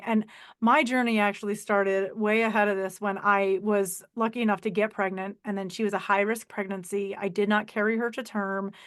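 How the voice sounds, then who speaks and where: A woman in her forties hosting a podcast, telling a personal story in a lively, emotional way over a video call. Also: mid-range voice. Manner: animated, emotional storyteller who acts out voices in quotes. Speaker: podcast host. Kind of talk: casual conversational storytelling.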